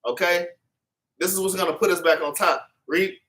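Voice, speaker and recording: Man, informal Bible class teacher, preachy, repeats himself, high-ish voice, sits back from the mic. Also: fairly even intonation, normal speed, sharp tone, far from the mic. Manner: preachy and repetitive, tags lines with "man" and "okay".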